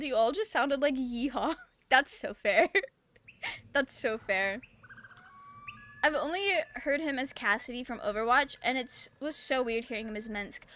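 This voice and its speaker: Woman, Southern US accent, streamer, casual chat, giggly, bright. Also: high-pitched. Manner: giggly, chatty, lots of fillers. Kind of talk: casual chat while gaming.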